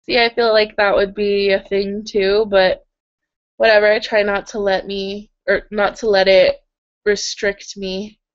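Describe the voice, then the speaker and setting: A woman's voice: medium pitch, little pitch movement, measured pace. Young woman, casual live-stream host, giggly and chatty, slightly sore throat, dull webcam sound. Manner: chatty and giggly, many "like"s and little laughs. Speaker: livestream host reading viewer comments. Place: in bed at home.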